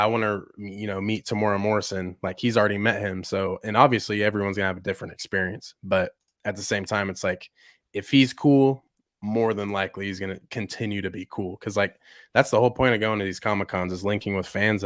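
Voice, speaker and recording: A young man hosting a podcast, chatting excitedly with lots of "like" and "bro". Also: lowish voice, a little fast, no room sound, studio quality. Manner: excitable, heavy use of "like" and "bro". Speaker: podcast host. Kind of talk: casual chat.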